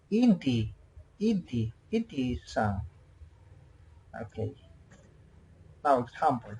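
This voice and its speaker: A man with a husky, slightly breathy voice gives a language lesson in simple English. He talks very slowly and says every word two or three times so learners can follow. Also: medium pitch, poor audio. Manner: slow, repeats each word several times, simple non-native English. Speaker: Quechua language teacher.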